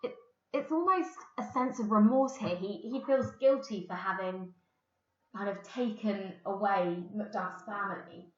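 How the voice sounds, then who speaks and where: A woman's voice: medium pitch, unhurried. A woman with an English accent teaching a recorded English literature lesson, explaining a play and reading quotations plainly. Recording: roomy, dull lo-fi sound.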